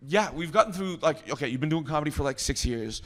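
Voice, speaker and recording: A man's voice: on the high side, lively intonation, fast, a bit bright. A man hosting a casual podcast, encouraging his guest with short, affirming replies. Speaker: podcast host.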